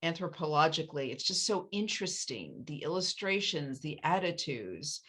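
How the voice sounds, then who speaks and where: Brief: woman, author, chatty and animated, slightly low voice, lots of ums. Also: moderate pace, husky. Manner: chatty, animated, with many fillers and restarts. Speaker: author and interviewer.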